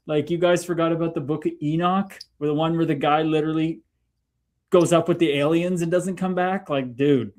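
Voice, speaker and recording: A man chatting as a guest on a live stream, telling stories in an animated, excitable way with frequent swearing. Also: a little high. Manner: animated storyteller, profane, excitable. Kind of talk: casual live-stream chat.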